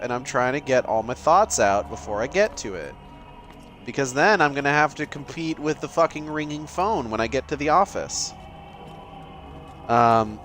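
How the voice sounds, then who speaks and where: A man's voice: medium pitch, fairly bright tone. A young man giving casual, sarcastic gameplay commentary, joking and swearing as he plays. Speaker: let's play gamer.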